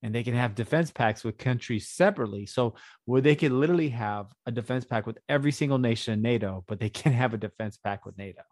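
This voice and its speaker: A man co-hosting a podcast who jokes crudely and laughs easily at his partner's bits. His pitch sits in the middle range. The recording is dry and close, with no room echo. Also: quick pace, darkish tone. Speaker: podcast co-host. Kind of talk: casual chat.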